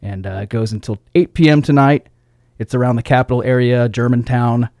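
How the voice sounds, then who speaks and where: A man's voice: medium pitch, fairly even intonation, fairly quick, a little mellow, no room sound. A man hosting a casual radio show on a studio microphone, reading record sleeve notes aloud in a laid-back way and chuckling at his own slips. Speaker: radio DJ host.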